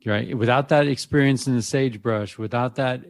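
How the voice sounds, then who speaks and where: A man hosts a podcast interview at a middle pitch. He asks reflective questions and responds supportively to what his guest shares. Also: normal speed. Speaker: podcast host. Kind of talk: conversational interview.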